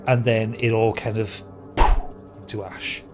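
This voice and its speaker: A man narrating as game master of a tabletop game, describing scenes with many pauses and fillers. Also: fairly low pitch, level tone, soft background music. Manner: descriptive, hesitant, many ums and kind ofs.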